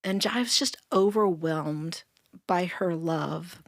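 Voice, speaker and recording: A woman's voice: on the low side, takes it slowly, no room sound, clean studio sound. Earnest woman telling a story with laughs. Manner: laughs often, earnest and warm-hearted telling. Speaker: storyteller guest. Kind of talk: casual conversational storytelling.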